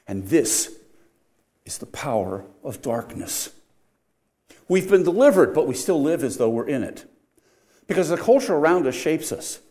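In a mid-range voice, an older man delivers a sermon as a pastor, using wry humor. He moves sharply between loud, emphatic passages and quiet, earnest ones.

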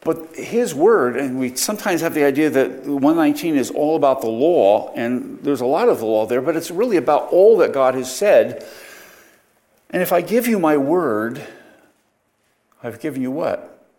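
A man's voice: on the high side, animated, moderate pace, darkish tone. A man teaching a Bible study lecture, explaining verses with frequent rhetorical questions and self-corrections.

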